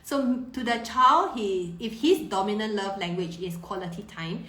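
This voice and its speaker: A woman in her thirties, a parenting coach answering viewer questions on a live stream, warm and reassuring, often repeating words as she thinks. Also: medium pitch, normal speed. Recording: roomy echo.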